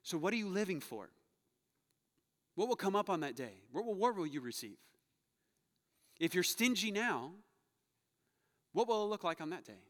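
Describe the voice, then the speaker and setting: Um jovem pastor pregando um sermão, contando histórias com humor e exortando a congregação com ênfase crescente. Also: male voice, high-pitched, sing-song, normal speed, long pauses. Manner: storytelling, joking, rising to loud urging. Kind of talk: sermon. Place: church sanctuary. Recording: long hall reverb.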